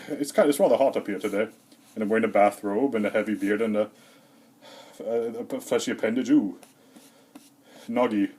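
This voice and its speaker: A man doing a rambling, deadpan comedic monologue in character as Santa, hesitant and full of fillers, a little out of breath. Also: fairly low pitch, fairly quick, long pauses, breathy edge. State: slightly out of breath.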